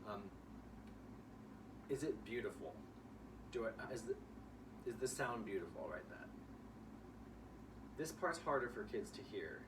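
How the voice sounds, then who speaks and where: Casual young male violin teacher, lowish voice, heard from a distance over background noise. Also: unhurried, pauses often. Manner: relaxed, explains with sung examples. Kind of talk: casual one-on-one music lesson. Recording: distant room mic with noise.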